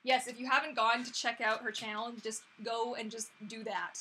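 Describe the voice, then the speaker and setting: Bubbly young woman, live-stream host, bright voice, faint background noise, chatty. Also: on the high side, moderate pace. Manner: bubbly, with excited squeals. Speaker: mermaid channel host.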